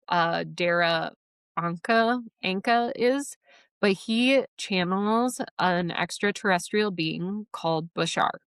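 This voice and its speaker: A woman hosting a podcast, telling a long story in a rambling, animated way and swearing casually. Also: on the low side, clean tone, no echo. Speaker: podcast host.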